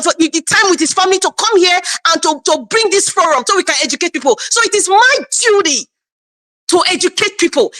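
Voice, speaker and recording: A woman's voice: extremely high pitch, pushed and bright. A woman from Nigeria giving passionate political commentary on a live stream, emphatic and repeating lines for stress. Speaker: panel guest.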